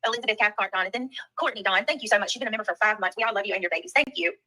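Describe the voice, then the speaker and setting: A woman's voice: mid-range voice, rapid-fire, sharp tone, rough recording. A woman with a Southern US accent hosting a livestream, chatting casually and greeting viewers by name as she reads their comments. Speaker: livestream host.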